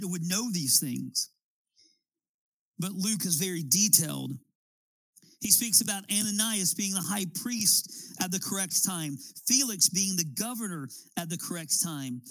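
A man's voice: high voice, pushed and bright, no room sound, low-quality recording. A man preaching a sermon as a pastor, building his points with emphatic, rising appeals.

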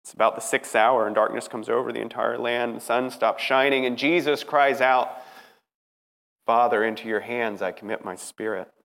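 A man voicing a dying male thief on a cross, weary and hopeful, speaking quietly in a strained, solemn way. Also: medium pitch, fairly even intonation, normal speed, vocal fry. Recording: long reverb hall.

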